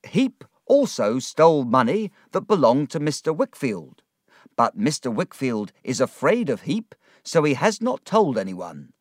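A man voicing an excitable middle-aged gentleman in a storybook reading, theatrical and swelling with feeling. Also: mid-range voice, unhurried, no room sound, clean studio sound. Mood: triumphant. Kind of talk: audiobook character reading.

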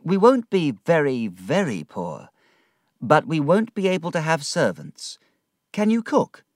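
An earnest young man voiced by the male narrator, a little higher and brighter than his own voice. He sounds gentle and sincere, rising and falling widely. The read is slow and dry, close to the mic. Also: wildly swooping pitch, dry recording, heavily acted.

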